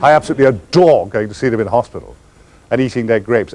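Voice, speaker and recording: An older man tells rambling, theatrical stories with a wry edge. His pitch leaps and swoops all over the place as he answers questions from the audience. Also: sing-song, a little fast, noisy background. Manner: theatrical, wry, meandering storyteller. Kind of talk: anecdotal audience Q&A.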